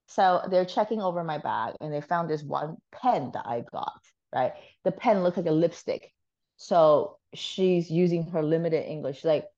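A woman guest on a podcast telling a story in casual chat, animated, swearing freely and laughing often. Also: low voice, normal speed, lo-fi sound.

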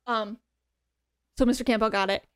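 A young woman co-hosting a podcast, chatting excitedly about books with lots of "um" and "like". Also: on the high side, normal speed, clear, resonant tone, no echo, clean studio sound. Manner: chatty, excitable, many fillers like "um" and "like". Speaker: podcast co-host. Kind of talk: casual chat about books.

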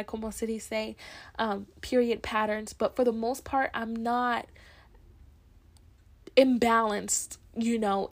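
A young woman rambles through her own podcast in a loose, reflective flow, circling back on her thoughts and leaning on fillers. Her voice sits in a middle range for a woman. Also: medium pitch. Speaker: podcast host. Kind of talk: casual solo podcast chat.

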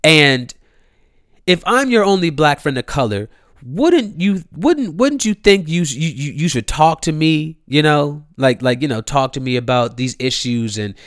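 A young man from Columbia, Maryland hosts his own show, ranting solo in a casual, slangy, profane way and repeating his phrases. His voice is on the high side, animated and fairly bright at a measured pace, in clean studio sound with no room sound.

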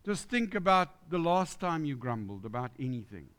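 A man's voice: fairly high pitch, sing-song, moderate pace, a bit bright. A man preaching a conversational sermon in church, asking the congregation questions. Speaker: pastor.

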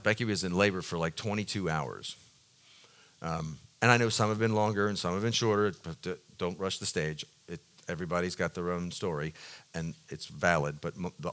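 A man in his thirties, a pastor preaching a sermon in a church, rambling with many restarts and rising loud and high when stirred. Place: church sanctuary.

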